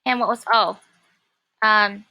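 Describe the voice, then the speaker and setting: A woman teaching a programming lesson, talking casually and thinking aloud with many pauses and fillers. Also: mid-range voice, fairly even intonation, lo-fi sound. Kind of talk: classroom coding lesson.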